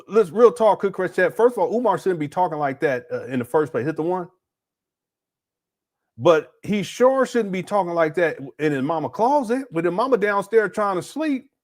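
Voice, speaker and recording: A man hosting a relaxed livestream who talks back at the clips he plays and scolds the speaker. His voice is on the high side and very animated. His delivery is casual and loose. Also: moderate pace. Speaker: host reacting to clips.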